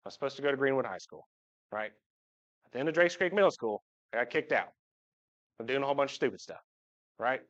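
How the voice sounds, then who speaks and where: An expressive man with a mid-range voice talks quickly, broken up by long pauses, as he shares jokes and heartfelt thoughts about his family. He's giving a personal talk to his congregation from the front of a church sanctuary, and the livestream audio comes through dull.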